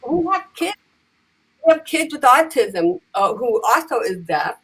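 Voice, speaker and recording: A woman telling lively stories in casual conversation, acting out the voices of the people in them. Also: fairly high pitch, a little slow, slightly rough, rough recording. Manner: animated, acts out voices in her stories. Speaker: guest, comedian and advocate. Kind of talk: conversational storytelling.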